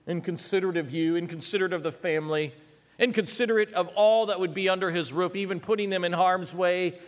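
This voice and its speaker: A man preaching a sermon, reading scripture aloud with asides and swinging dramatically between loud and hushed. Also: fairly high pitch. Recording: long hall reverb.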